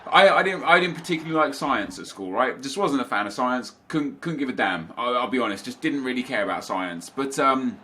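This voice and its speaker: A young man hosts his gaming channel, chatting casually from his home office. His voice is bright and forward, with a slightly stuffy nose. He rambles, restarts sentences and wanders into asides. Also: mid-range voice, expressive, brisk, hardly any pauses. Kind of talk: casual chat to camera.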